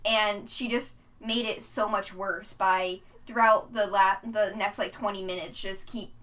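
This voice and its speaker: Bright giggly young woman, slightly off-mic. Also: medium pitch, steady tone, recorded from a distance. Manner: giggly, chimes in with quick reactions. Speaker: podcast co-host. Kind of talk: casual chat.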